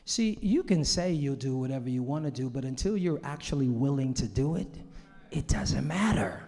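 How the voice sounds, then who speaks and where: A man from Los Angeles who is a pastor, preaching a sermon to his congregation. He goes from hushed, tearful confession to shouted exclamation. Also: mid-range voice, expressive, normal speed, creaky, in a large hall. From Los Angeles, USA. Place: large church hall.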